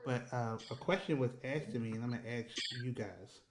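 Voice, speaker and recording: A man's voice: medium pitch, brisk, noisy background. A man who works as a relationship educator hosts a casual panel discussion, leaning on fillers, repeating words and asking the group questions.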